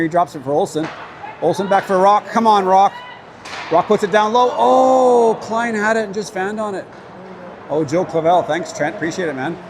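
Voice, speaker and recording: Excitable man calling amateur hockey. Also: fairly high pitch, noisy background. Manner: chatty, excitable, cheers for his team. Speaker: play-by-play commentator. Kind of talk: casual amateur hockey livestream commentary. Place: at a rink with a crowd.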